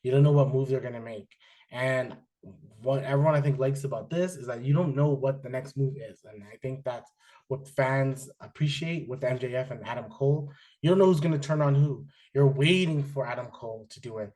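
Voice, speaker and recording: A man hosting a wrestling podcast, chatting casually with many fillers and restarts, getting animated when excited. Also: medium pitch, a little fast. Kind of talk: casual chat, reviewing wrestling.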